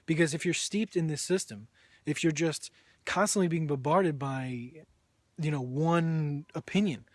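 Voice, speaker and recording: A man's voice: fairly high pitch, dry recording. A man giving an earnest, preachy opinion monologue to camera, often restarting his sentences. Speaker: vegan video blogger and author.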